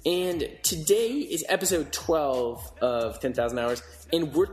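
A man's voice: fairly high pitch, a little slow, roomy sound, soft background music. A man co-hosting a podcast in casual chat, sarcastic and rambling, with lots of restarts. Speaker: podcast co-host.

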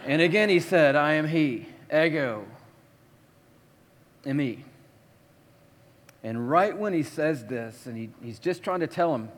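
A man preaching a sermon, telling the story with lively, dramatic shifts between hushed and loud delivery. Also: a little high, unhurried, pauses often. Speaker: pastor. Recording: long hall reverb.

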